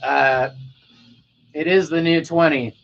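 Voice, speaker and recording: A man's voice: fairly high pitch, fairly even intonation, slow pace, vocal fry, a bit bright. A man from Colorado hosting a casual late-night livestream, rambling in a laid-back way and often trailing off into a mumble. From Colorado, USA. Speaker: livestream host. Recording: dull lo-fi sound.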